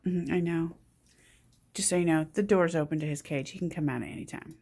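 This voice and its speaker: A woman's voice: sits low, a little fast, vocal fry, warm tone, slightly rough. A woman filming her pet cockatoo on a phone at home, scolding it and cooing at it in playful baby talk. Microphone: phone held in hand.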